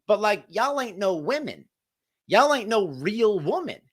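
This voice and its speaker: A man's voice: sing-song, a little slow. Profane ranting livestream host, man. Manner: profane, ranting, swings from loud outbursts to low mutters. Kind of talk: heated livestream commentary.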